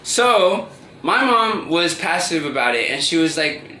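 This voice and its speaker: A man with a bright, fairly high voice tells a personal story casually, stumbling through restarts and fillers and often laughing as he goes. He sounds like he is in an echoey room, with a faint hum of ambient noise behind him. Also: sing-song. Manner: halting, full of restarts and fillers; laughs often while telling. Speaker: vlogger telling a personal story.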